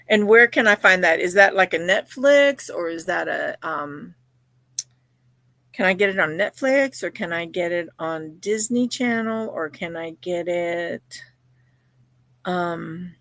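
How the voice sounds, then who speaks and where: A woman's voice: lowish voice, measured pace, a bit bright, dry recording. A woman hosting a casual livestream, chatting while she crochets and reading out viewer comments with lots of "you know" fillers. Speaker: livestream host.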